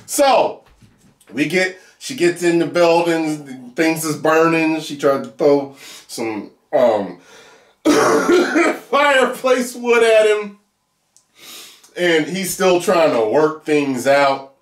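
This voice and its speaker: Animated man reviewing a show, echoey room. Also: on the high side, slow pace. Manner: animated, laughs often, bursts into whoops. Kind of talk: casual video review.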